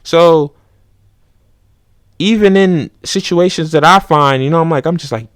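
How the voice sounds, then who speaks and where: A man's voice: a little high, normal speed, long pauses, no room sound, clean studio sound. A young man hosting a podcast, talking casually in slang and acting out both sides of everyday arguments. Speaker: podcast host. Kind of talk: casual monologue.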